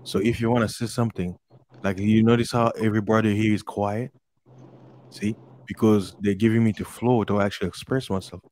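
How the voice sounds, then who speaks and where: A man with a low voice talks in a casual group voice chat, slowing his delivery on purpose so every word lands. His tone is patient and coaching. A faint hiss of noise sits behind him. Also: fairly even intonation, darkish tone. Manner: slow, deliberate, coaching tone. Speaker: group member giving advice.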